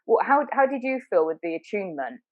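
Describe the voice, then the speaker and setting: A woman's voice: medium pitch, sing-song, fast talker, no echo, highs cut off. A woman hosting a casual interview, chatty and laughing often, with plenty of fillers. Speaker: interview host.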